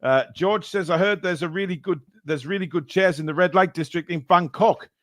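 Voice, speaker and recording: This livestream host's voice sits high and a bit bright, moving a little fast with no echo. Running a charity stream, he laughs at cheeky remarks and reads donation super chats aloud in feigned outrage, keeping the talk casual.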